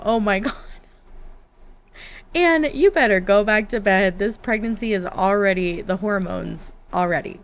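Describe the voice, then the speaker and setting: A woman's voice: medium pitch, unhurried. A woman doing casual, chatty gameplay commentary from her home office, giggling and talking to her game characters. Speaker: gaming YouTuber.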